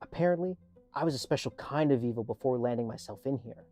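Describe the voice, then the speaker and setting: A man's voice: mid-range voice, quick pace, mellow, faint music behind, natural voice. A man playing a weary, sarcastic male prisoner who narrates his own grim situation in a dry tone. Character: weary, sardonic male prisoner test subject.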